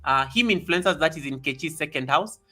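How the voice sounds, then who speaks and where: A man hosting a casual live stream, excitable and reading viewer comments aloud. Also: a little high, a little fast.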